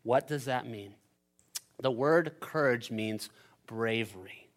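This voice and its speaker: A man preaching a sermon as pastor, animated and playful, swinging between loud urgency and quiet emphasis. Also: mid-range voice, slow pace. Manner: playful asides and silly voices for the disciples.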